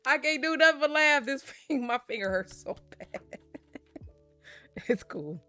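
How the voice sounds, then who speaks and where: A woman's voice: sits high, lively intonation, a little slow, bright, forceful tone, faint music behind. Chatty, laughing woman vlogger. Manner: chatty storyteller, laughs often. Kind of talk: casual chat while opening card packs.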